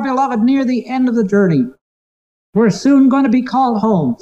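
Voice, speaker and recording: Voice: medium pitch, darkish tone. Earnest preacher on a muffled recording. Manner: earnest, tender preaching with slow emphatic phrases. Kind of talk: sermon.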